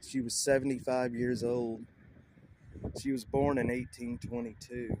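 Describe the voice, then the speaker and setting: A man's voice: mid-range voice, flat delivery, unhurried, background noise. Shivering man live-streaming outdoors. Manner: rambling, laughs often, talks to chat. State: shivering from cold. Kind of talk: casual live-stream narration. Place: outdoors in a cemetery. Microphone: phone held in hand.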